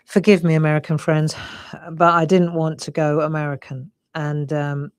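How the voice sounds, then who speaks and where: Demonstrating drawing live, a warm, chatty craft demonstrator in her sixties speaks in a low, smooth, level voice at a moderate pace. She's from England, has a slightly Cockney accent, and frequently says "look" and "lovely." No room sound is audible.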